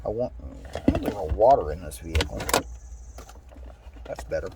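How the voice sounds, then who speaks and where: A man's voice: sits low, animated, normal speed, very noisy. A man casually reading a scripture passage aloud, stumbling over words now and then and adding his own asides. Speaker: Bible reader.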